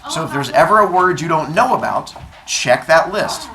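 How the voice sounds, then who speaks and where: A man with a fairly high voice, speaking at normal speed, steadily walks a classroom of seventh graders through a quiz step by step, tossing in dry, sarcastic asides. It's classroom instruction, and the recording is noisy, with student chatter in the background.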